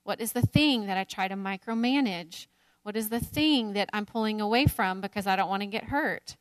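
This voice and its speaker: A woman's voice: medium pitch, moderate pace, no room sound. A woman in her thirties leading a Bible study, talking candidly about faith and motherhood and laughing often at herself. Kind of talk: teaching a women's Bible study.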